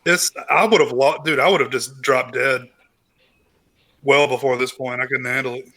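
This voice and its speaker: A man drops wry jokes during a casual movie commentary. His voice is bright and a little tense. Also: mid-range voice, steady tone, moderate pace.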